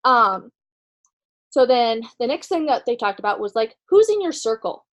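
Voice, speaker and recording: A woman's voice: a little high, sing-song, moderate pace, a bit bright, rough recording. A woman retelling a faith story in a chatty way, with lots of ums and likes, acting out the dialogue as she goes. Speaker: speaker sharing conference notes.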